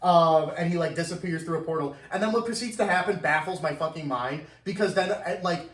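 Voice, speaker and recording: A man's voice: on the high side, brisk. A man hosting a casual podcast, recapping a film in a rambling way, with lots of fillers and swearing. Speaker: podcast host. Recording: echoey room, far from mic.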